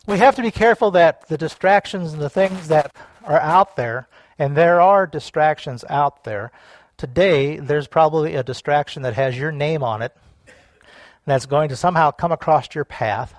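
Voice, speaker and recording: A man preaching a sermon, swinging between hushed reflection and loud, laughing outbursts. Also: fairly high pitch, no room sound. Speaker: pastor.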